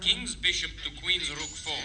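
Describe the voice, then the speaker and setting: A man voicing a calm foreign radio operator who plays chess over the air, dry and matter-of-fact. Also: fairly high pitch, normal speed, music in the background, close to an everyday voice.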